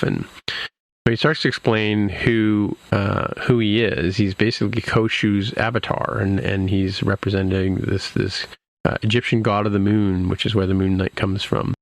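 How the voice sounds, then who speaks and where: A man with a lowish, gravelly voice recaps a show's plot in a loose, rambling way. He keeps restarting his sentences and dropping fillers. The recording is dry and close, with no room sound. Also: steady tone, normal speed, dry recording. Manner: rambling, many restarts and "you know" fillers. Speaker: podcast host. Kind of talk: casual episode recap.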